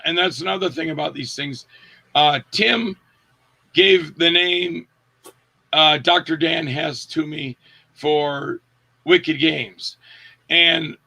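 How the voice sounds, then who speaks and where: Being interviewed, a male actor with a higher, creaky voice relates behind-the-scenes set anecdotes in a relaxed manner. He's animated, acting out each quoted line in a louder voice.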